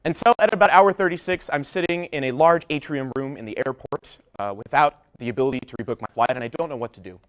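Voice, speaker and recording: A young man giving a public talk, telling a personal story, whose voice trails off low at the ends of his sentences. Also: fast, few pauses. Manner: storytelling with shifting volume, drops low at line ends. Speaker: public speaker.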